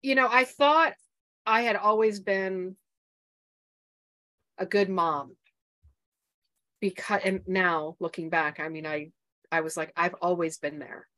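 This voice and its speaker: Earnest middle-aged woman, halting speech. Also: mid-range voice, bright, forceful tone. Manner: earnest, halting, with restarts and rising intensity. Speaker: podcast guest, coach for mothers. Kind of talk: emotional personal interview.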